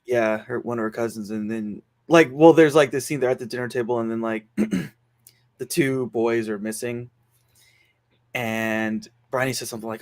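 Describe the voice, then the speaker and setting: A man's voice: medium pitch, fairly even intonation, normal speed. A man hosting a casual podcast, recapping a film's plot in a rambling way full of fillers. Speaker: podcast host reviewing a film.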